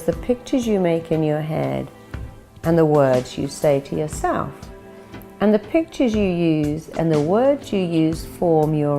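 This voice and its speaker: A middle-aged woman giving a motivational talk. She acts out people's inner voices, bright and upbeat for the confident ones and low and gloomy for the negative ones. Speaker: motivational speaker. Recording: soft music behind.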